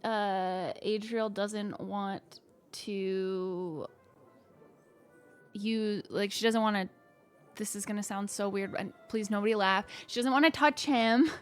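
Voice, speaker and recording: A woman's voice: mid-range voice, steady tone, takes it slowly, clear, resonant tone, faint music behind. A young adult woman playing in a tabletop role-play game, explaining her character's actions in a hesitant, self-conscious way with many fillers. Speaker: player. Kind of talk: casual game talk.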